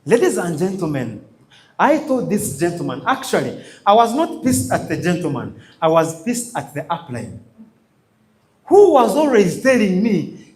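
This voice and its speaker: A man's voice: a little high, sing-song, unhurried, pauses often, a little mellow. A man with a Ugandan accent giving a motivational business training talk, emphatic and repetitive, calling out questions for the audience to answer. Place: training session before a live audience.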